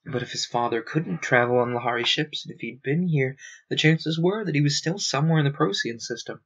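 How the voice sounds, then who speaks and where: A man reading a novel aloud on a stream, in steady, earnest storybook narration with dramatic pauses. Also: medium pitch, slightly rough, lo-fi sound.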